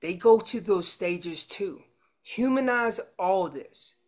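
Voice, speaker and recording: A woman gives an elk-calling seminar at a slow, unhurried pace. She walks through each call with homely comparisons to family life. Now and then she bursts into loud, acted-out voices. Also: mid-range voice, expressive. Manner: explains with everyday comparisons; breaks into loud acted voices of calves and parents. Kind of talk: seminar presentation with slides.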